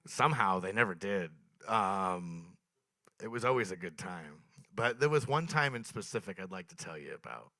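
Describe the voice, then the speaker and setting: Young male stand-up comic, bright forceful voice, dry close sound, dark deadpan storytelling. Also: low voice, normal speed, dry recording. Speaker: stand-up comedian. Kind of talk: stand-up comedy set. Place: small open mic venue.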